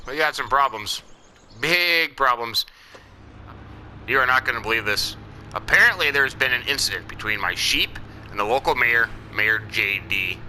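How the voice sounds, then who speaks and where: The clip is a low-quality recording with a little hiss or hum. A man with a bright, forceful, medium-pitched voice plays a farming game in character as a farmer, rambling folksily and saying "I tell ya" and "you know" a lot.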